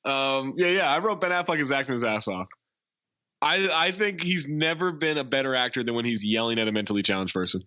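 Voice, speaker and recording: A man's voice: mid-range voice, a little fast, pushed and bright, no echo, lo-fi sound. A man co-hosting a movie podcast, recapping the plot with wry jokes. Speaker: podcast co-host. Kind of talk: casual movie review chat, recapping the plot.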